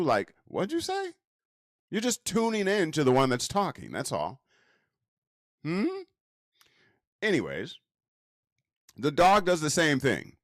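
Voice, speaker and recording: In a casual lecture, a man keeps throwing rhetorical questions at the listener. His delivery is slow and drawn out with wide swings in pitch, recorded as clean studio sound without room echo.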